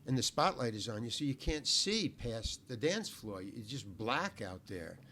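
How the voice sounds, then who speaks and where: A man's voice: medium pitch, big pitch swings, a little slow, bright, forceful tone, a little hiss or hum. An older man, a guest on a talk show, telling a long anecdote in a laid-back, rambling way, repeating words and cursing freely. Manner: laid-back, salty language.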